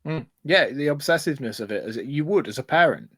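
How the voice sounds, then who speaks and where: A man co-hosting a casual film review podcast, blunt and expressive, swearing freely. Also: fairly high pitch, brisk, breathy edge, no room sound, studio quality. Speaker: podcast co-host.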